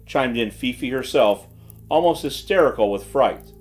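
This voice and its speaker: A man narrating a classic mystery audiobook in an expressive reading style. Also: mid-range voice, normal speed, faint music behind. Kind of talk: scripted narration.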